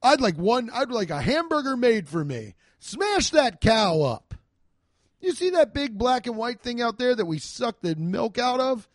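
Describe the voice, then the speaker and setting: A haughty old duke barks his orders in a raised, lofty voice, as a man puts him on for a comedy bit. He drags out his demands slowly and imperiously, in a dry, close sound. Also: extremely high pitch, sing-song, no echo, voice pushed up, exaggerated voice. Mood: haughty demanding. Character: pompous old German duke ordering a hamburger.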